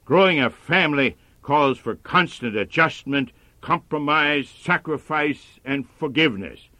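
Earnest male preacher, bright dry voice. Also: on the high side, expressive, unhurried, no room sound. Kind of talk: sermon.

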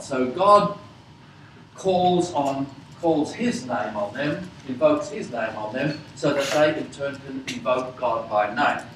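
A man teaching a Bible class, asking his listeners questions and pausing often with fillers. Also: a little high, fairly bright tone, roomy sound, recorded from a distance, slight background noise, low-quality recording. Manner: slow, questioning, many fillers.

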